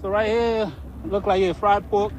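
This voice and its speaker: A man's voice: sits high, unhurried, slight background noise, rough recording. A man, a football fan, talking casually and proudly about his group's tailgate outdoors. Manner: lively, proud, casual slangy talk. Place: outdoor stadium car park.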